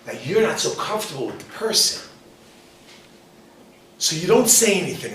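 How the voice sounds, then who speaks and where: A man teaching a class as a rabbi, animated and full of rhetorical questions as he acts out quoted people. His voice sits a little high. He is heard from a distance in an echoey room with faint noise behind him. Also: normal speed, long pauses. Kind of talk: lively lecture with questions to the audience.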